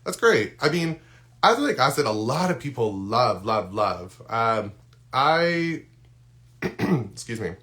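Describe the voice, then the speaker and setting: A man's voice: mid-range voice, very animated, takes it slowly, sharp tone. A man who is losing his voice, chatting casually through a live unboxing with lots of ums and restarts. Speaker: skincare content creator. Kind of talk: live-stream unboxing chat.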